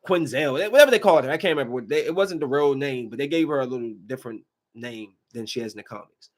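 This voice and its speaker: A man hosting a podcast, giving a casual, slangy movie review with emphatic rants and quick asides. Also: medium pitch. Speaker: podcast host.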